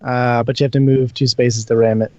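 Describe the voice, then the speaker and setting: A man narrating as dungeon master in a tabletop game, lively and quick to laugh, now and then jumping into shouted character voices. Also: medium pitch, no echo, lo-fi sound.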